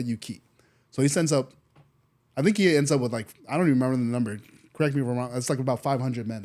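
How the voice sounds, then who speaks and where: Male host, casual faith-podcast chat, animated storytelling, acts out quotes. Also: medium pitch. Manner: animated storyteller, acts out quoted voices, says "dude" often.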